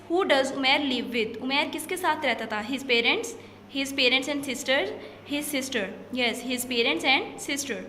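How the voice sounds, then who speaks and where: High-voiced teacher in an echoey room. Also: female voice, pushed and bright. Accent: Pakistani English. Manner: switches between English and Hindi-Urdu explanations; slow, careful reading of example sentences. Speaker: school English teacher. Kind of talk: recorded classroom lesson explaining exercises. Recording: echoey room, faint noise.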